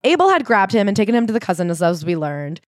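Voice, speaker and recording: A woman co-hosting a casual book podcast, retelling a story with animated acted-out quotes and frequent swearing. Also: medium pitch, fast talker, no room sound, clean studio sound. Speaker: podcast co-host. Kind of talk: casual book-recap chat.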